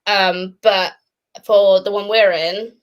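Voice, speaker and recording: A young woman chatting on a livestream, loud and full of swearing and laughter. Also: medium pitch, steady tone, takes it slowly. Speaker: book club guest. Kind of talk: casual chat.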